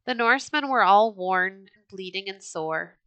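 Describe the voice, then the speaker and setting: A woman narrates a children's storybook in a measured, expressive read-aloud manner. Her voice is bright and clear, and the recording is close and dry with no room sound. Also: medium pitch, no room sound.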